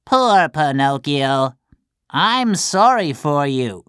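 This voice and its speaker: A woman voicing a hundred-year-old talking cricket who lectures slowly and sternly. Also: low-pitched, big pitch swings, a bit bright, smooth, no echo, clean studio sound, pitched above the performer's own voice, heavily acted. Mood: scolding. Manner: slow, scolding and lecturing.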